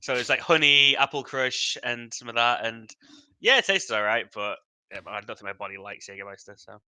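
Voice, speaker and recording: A man's voice: mid-range voice, animated, fairly quick, sharp tone, clear, resonant tone, dry recording. A man co-hosting a podcast, laid-back and rambling in casual chat. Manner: laid-back, short replies, trailing off. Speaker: podcast co-host.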